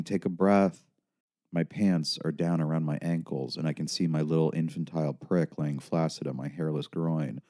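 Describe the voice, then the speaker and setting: A man's voice: very deep voice, mellow. A man narrating his own memoir in an intense, confessional manner. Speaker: author and narrator.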